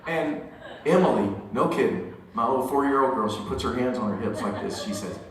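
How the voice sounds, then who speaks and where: A middle-aged singer-songwriter telling an animated, joking story to a concert audience between songs. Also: male voice, mid-range voice, fast, a crowd in the background. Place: theater stage. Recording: echoey hall recording from far off.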